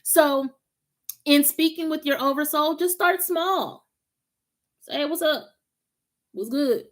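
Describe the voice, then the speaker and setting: Hosting a spiritual live stream, a woman talks loosely and slangily to her viewers at a slow pace, laughing frequently. Though she grew up in Los Angeles, a thick Southern country drawl colors her slightly high voice.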